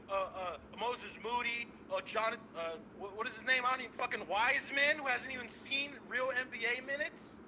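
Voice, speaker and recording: Hyped-up, bright-voiced male caller. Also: very high voice, a little hiss or hum, poor audio. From San Francisco Bay Area. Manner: loud, cocky, excitable, swearing, laughing. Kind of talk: hyped fan call-in rant.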